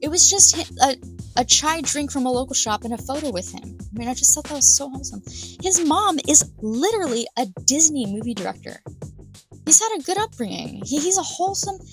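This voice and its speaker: A woman's voice: high-pitched, animated, soft background music. Exasperated young woman reacting to clips. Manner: indignant, sarcastic, exclaiming; pauses to over-stress words slowly. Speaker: political commentary vlogger. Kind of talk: reaction commentary.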